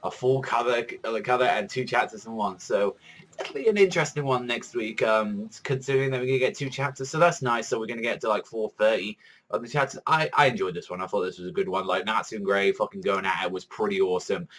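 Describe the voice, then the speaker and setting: A man giving a casual video review of a manga chapter, talking in a rambling, excitable way and swearing a lot. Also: lowish voice, fast, rough recording.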